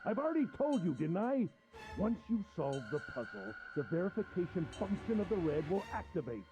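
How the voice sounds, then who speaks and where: An actor playing a sadistic, gentlemanly middle-aged male captor in a video game, speaking in a mocking, theatrical way with giggling menace. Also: high voice, big pitch swings, a little fast, over music. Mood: condescending.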